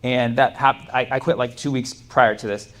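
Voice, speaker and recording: A man's voice: medium pitch, steady tone, moderate pace, fairly bright tone. A young man doing a stand-up comedy set on a club stage, chatty and loose, laughing through his punchlines. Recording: live club recording with audience noise.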